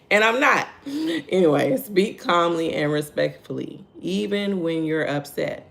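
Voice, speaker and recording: A woman's voice: on the low side, animated, slow pace, gravelly, a bit bright. A woman hosting a casual devotional livestream. She laughs often, repeats her points, greets viewers by name and keeps asking "right?" and "okay?". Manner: asks "right?" and "okay?" to draw listeners in. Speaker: host of a morning devotional livestream.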